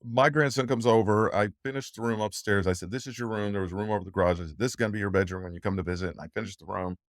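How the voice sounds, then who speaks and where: An older man races through his answers as an interview guest, his lowish voice holding fairly even intonation. His talk is emotional and rambling, full of laughter and restarts, captured cleanly in a studio with no echo.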